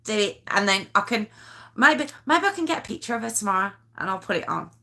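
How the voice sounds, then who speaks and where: Young woman, casual live-stream host, bright voice with gravelly fry, rambling, stammering, self-deprecating. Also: medium pitch, sing-song, fast talker. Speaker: YouTube true crime host.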